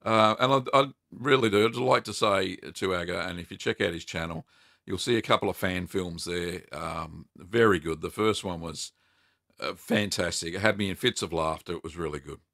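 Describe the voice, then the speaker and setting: Middle-aged man, casual live-stream host, chatty and cheerful; low, gravelly, bright voice, dry close sound. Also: normal speed, no room sound. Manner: chatty, upbeat, laughs often, many ums. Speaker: cheese-making livestream host. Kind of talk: casual live Q&A, reading chat aloud.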